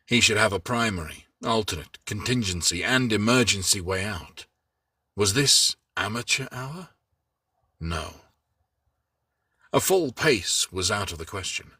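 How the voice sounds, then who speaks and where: A deep, husky man reads a story aloud with measured drama. His tone is bright and edgy, and he sits back from the mic in a dry space. He also hosts the show. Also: animated, dry recording, far from the mic. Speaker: host and reader.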